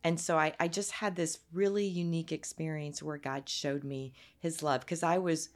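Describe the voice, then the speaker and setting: A woman telling her personal faith story as an interview guest, earnest and halting, near tears at times. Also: low voice, steady tone. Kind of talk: emotional personal testimony.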